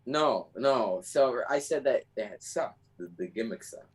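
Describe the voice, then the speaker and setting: A man's voice: mid-range voice, animated, measured pace, husky, low-quality recording. Playful man co-hosting over a call. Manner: playful, mock-serious pleading. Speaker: podcast co-host. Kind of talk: casual chat. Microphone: video call.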